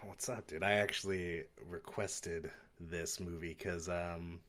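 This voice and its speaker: Thirties guy guest co-hosting a podcast, lowish voice, chill, chuckles a lot. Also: fairly even intonation, slow pace, fairly bright tone. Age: 30s. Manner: laid-back, chuckling. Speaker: guest co-host. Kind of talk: casual chat.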